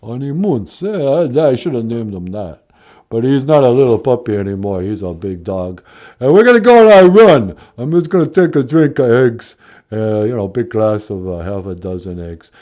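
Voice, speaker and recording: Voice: medium pitch, lively intonation, normal speed, mellow, natural voice. A performer doing a mumbling tough-guy impression of a washed-up male movie star, drawling. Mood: boastful.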